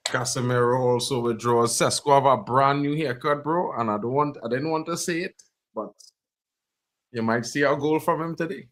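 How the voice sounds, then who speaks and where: A man reacts live to a football match on a fan stream. He talks in loose slang and keeps up a running call of the play. At big chances his voice jumps into loud, high yells. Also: normal speed. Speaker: fan livestream host.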